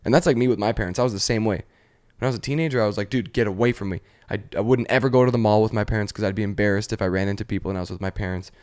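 A man's voice: fairly low pitch, steady tone, very fast, a little mellow. Rambling young man on a podcast. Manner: rambling storyteller, full of 'like', acts out voices. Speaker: podcast host. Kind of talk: casual chat.

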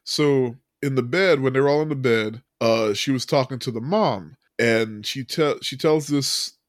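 A man's voice: medium pitch, unhurried, dry recording, studio quality. A man hosting a podcast, telling a movie recap in a loose, casual way, full of fillers, with frequent laughs. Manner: loose storyteller, many fillers, laughs often. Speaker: podcast host.

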